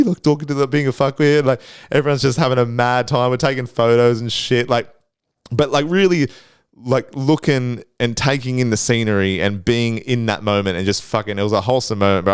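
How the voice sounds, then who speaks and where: A man's voice: lowish voice, clear, resonant tone, no echo, clean studio sound. A young man hosting a podcast, telling rambling travel stories in a laid-back, profane way. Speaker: podcast host. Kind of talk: casual storytelling.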